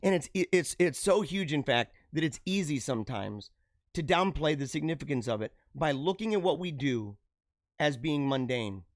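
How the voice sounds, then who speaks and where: A high-pitched man hosts a live show, giving an exuberant, preachy pep talk with frequent laughs. The sound is dry and close, with no room around it. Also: animated, normal speed, dry recording. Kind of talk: motivational monologue.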